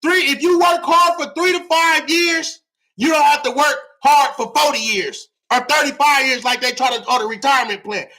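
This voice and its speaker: A man's voice: very high-pitched, normal speed, pushed and bright. A man hosting a livestream, teaching money and real estate to his viewers in a hyped, preachy way, often repeating himself and using slang.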